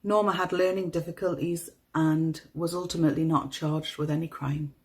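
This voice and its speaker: A woman with a toned-down Northeast English accent narrating a true crime story in a measured, somber manner. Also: low voice, fairly even intonation, poor audio. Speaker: podcast host.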